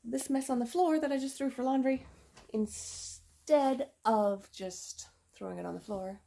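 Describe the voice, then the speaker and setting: A home cleaning vlogger narrates casually as she tidies her bedroom, addressing viewers directly with self-mocking humor. Her high, gravelly voice has a warm tone and a measured pace, and the room sounds reverberant.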